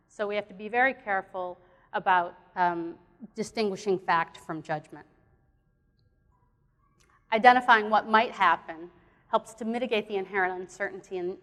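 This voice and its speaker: A woman's voice: medium pitch, a bit bright. Woman giving a conference talk in a reverberant hall. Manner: earnest, plainspoken, with fillers and restarts. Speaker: conference speaker.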